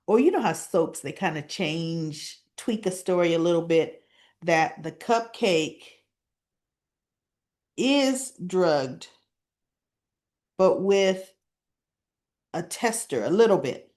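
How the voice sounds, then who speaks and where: A woman's voice: fairly low pitch, lively intonation, slow pace, long pauses, a little mellow. A woman casually retelling soap opera scenes in a chatty storytelling way, often asking "right?" as she goes. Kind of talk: casual recap chat.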